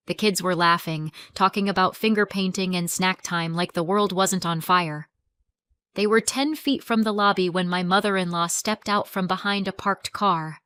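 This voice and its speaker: A woman narrating a story in a calm, measured storytelling voice. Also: mid-range voice, smooth, dry recording.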